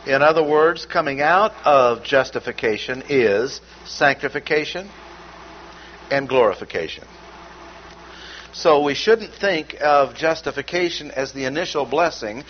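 A man teaching from scripture at a measured pace, pressing on key words and repeating them. His voice sits in a middle register. The recording is dull and lo-fi, with a faint hiss behind him. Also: mid-range voice, animated. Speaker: Bible teacher. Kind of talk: expository Bible teaching.

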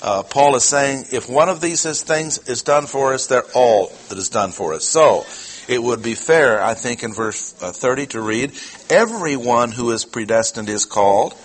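A man's voice: medium pitch, moderate pace, low-quality recording. A man preaching a sermon, teaching through a passage with rhetorical questions and repeated key phrases.

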